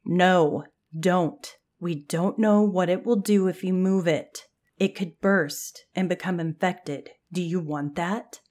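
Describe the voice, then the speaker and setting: A woman's voice: fairly low pitch, slow. A woman reading as a bossy young camper. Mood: pleading firmly. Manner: urgent, commanding. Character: young woman camper, firm and take-charge.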